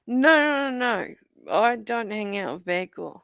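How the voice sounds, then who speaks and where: Gravelly New man, blunt talk. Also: extremely high pitch, animated, unhurried, a bit bright, no echo. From New Zealand. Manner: blunt, swears often. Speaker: panel guest. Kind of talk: casual chat.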